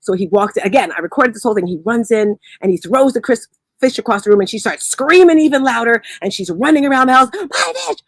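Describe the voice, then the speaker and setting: A woman with a slightly high, husky voice and lively intonation hosts a motivational morning show in a live audio room, speaking quickly with no echo. She tells stories energetically and laughs easily.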